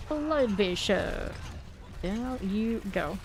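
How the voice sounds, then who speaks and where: A woman's voice: mid-range voice, normal speed, vocal fry, over music. A woman with a light Southern US accent streaming a game, chatting casually and laughing with her viewers as she plays. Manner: chatty and self-teasing, talks to chat while playing, laughs often.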